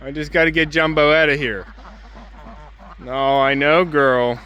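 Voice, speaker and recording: A man's voice: fairly high pitch, fairly even intonation, a little slow, muffled recording. A man on a homestead talking casually and soothingly to his chickens and dog in the coop on a winter day. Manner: gentle, coaxing, soothing talk to animals. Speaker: homesteader vlogger.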